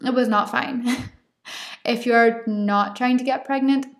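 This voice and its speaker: A woman's voice: a little high, fairly even intonation, moderate pace. A young woman hosting her own podcast, talking openly and chattily with frequent laughs. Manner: open, chatty, laughs often. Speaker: podcast host. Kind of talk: casual solo podcast monologue.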